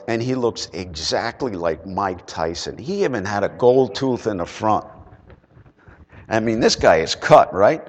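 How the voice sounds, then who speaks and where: A man preaching a sermon and telling a personal story, swinging from loud emphatic bursts to quiet, low asides. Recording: long hall reverb.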